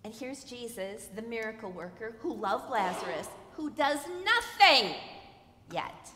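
Expressive woman preaching in an echoey church. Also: on the high side, unhurried, slight background noise. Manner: expressive, swings between soft hushed lines and loud emphatic ones; speaks directly to the congregation with questions. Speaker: guest preacher. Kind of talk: sermon. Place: church sanctuary. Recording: echoey church with long reverb.

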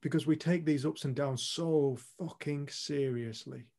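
Man, retreat co-host, blunt earnest storytelling, gravelly edge. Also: a little high, measured pace, warm tone. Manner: blunt, earnest, swears casually. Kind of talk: candid storytelling talk to a group.

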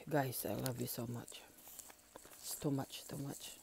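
Low, slow, mellow-voiced woman vlogger. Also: steady tone, vocal fry, noisy background. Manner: emotional and gushing, laughs often. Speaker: channel founder. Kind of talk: casual unboxing chat.

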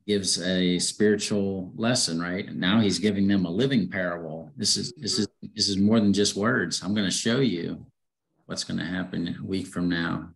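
A man's voice: deep voice, gravelly, low-quality recording. A man leading a casual group Bible study, asking questions and thinking aloud with frequent restarts.

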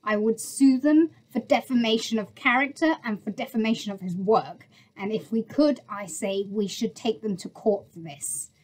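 Woman, fairly high voice, vlogger, angry rant, indignant, swears, stumbles and restarts. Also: moderate pace, hardly any pauses, darkish tone, low-quality recording. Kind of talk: angry ranting monologue.

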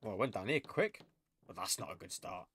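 A man's voice: low voice, expressive, brisk. Jumpy gamer man, noisy recording. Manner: jumpy, rambling, talks to himself. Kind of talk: let's play commentary.

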